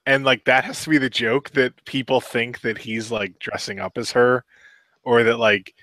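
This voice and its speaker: A man's voice: medium pitch, fairly even intonation, moderate pace, fairly bright tone, no room sound. A man co-hosting a podcast, joking casually about wrestling. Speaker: podcast co-host. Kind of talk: casual chat.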